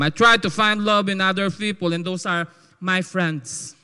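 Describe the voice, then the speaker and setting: A man with a Filipino accent giving a church testimony in an earnest, halting way, often restarting his sentences. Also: high-pitched, fairly even intonation, sharp tone, clear, resonant tone. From Philippines. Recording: long reverb of a church hall.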